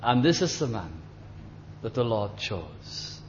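An older man preaching and reminiscing gently, halting often as he recalls details, in a dull lo-fi recording. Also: mid-range voice, sing-song, slight background noise. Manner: gentle, halting, with many fillers and restarts. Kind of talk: reminiscing sermon.

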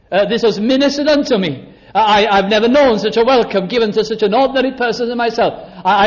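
High-voiced preacher, lo-fi recording. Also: male voice. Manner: slow, emphatic preaching with dramatic pauses and quoted scripture. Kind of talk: sermon. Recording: dull lo-fi recording.

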